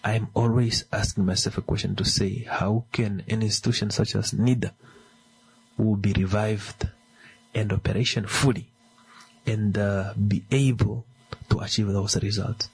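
A man hosting a business segment, asking listeners rhetorical questions with many fillers and a raspy voice. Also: fairly low pitch, steady tone, unhurried, poor audio. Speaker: business radio host. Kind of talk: commentary to listeners.

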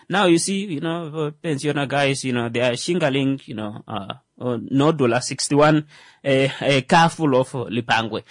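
A man's voice: fairly high pitch, normal speed, dry recording. Joking Namibian man, dry close voice. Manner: stumbling over words, joking asides, trails off quietly. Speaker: show host. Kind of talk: solo commentary reading a news article.

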